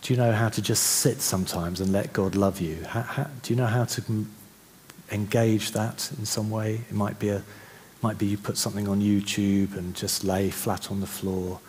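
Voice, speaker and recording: Deep-voiced male preacher, conversational sermon delivery, faint background noise. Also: little pitch movement. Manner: conversational, with restarts, slowing to soft reflective passages.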